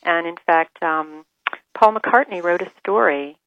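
A woman author telling stories as a radio guest, enthusiastic and animated. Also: fairly low pitch, measured pace, no room sound, muffled recording. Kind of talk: radio interview.

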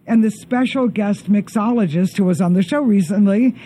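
Male host, middle-aged, high, husky and mellow voice, easygoing interview chat. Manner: chatty, reads lists of names haltingly. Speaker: show host.

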